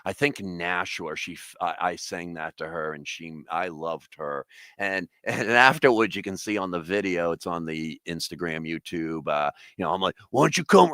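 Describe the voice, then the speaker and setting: A low-voiced comedian and musician from Massachusetts tells rambling, profane stories on a casual podcast, every so often bursting into loud singing. There's no echo on his voice.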